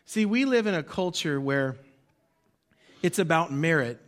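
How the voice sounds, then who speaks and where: High-voiced animated male preacher. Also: unhurried. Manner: animated preaching, swings between loud emphasis and quiet drops; leads the congregation in call-and-response. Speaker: pastor. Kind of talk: sermon.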